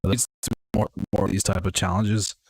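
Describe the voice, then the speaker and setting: A man's voice: low-pitched, little pitch movement, a little fast, creaky, slightly rough, dry recording, clean studio sound. A young man casually chatting and rambling to his viewers while playing a flight game on a livestream. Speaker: streamer. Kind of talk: casual gaming livestream chat.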